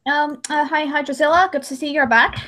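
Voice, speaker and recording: A young woman co-hosting a casual livestream, giggling often and telling stories in an animated way. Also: high-pitched, brisk. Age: young adult. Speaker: livestream co-host.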